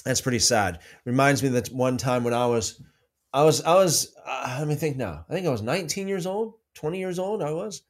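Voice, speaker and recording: Man, livestream host, casual faith talk, rambling, restarts, mid-pitch, swinging intonation. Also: brisk. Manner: rambling, restarts often, lively pitch swings when telling stories. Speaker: livestream host reading viewer comments.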